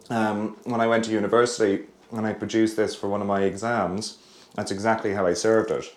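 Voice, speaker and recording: A man's voice: lowish voice, level tone, fairly quick, slight background noise. A young man, a restaurant chef chatting enthusiastically about his food, with plenty of fillers. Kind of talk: casual cooking chat. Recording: echoey room.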